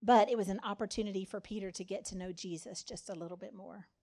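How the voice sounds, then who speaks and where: A woman's voice: medium pitch, fairly even intonation, fast, warm tone. A woman giving a conversational sermon, acting out the lines of the people in the story. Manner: conversational, dramatizes quotes with voices. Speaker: speaker.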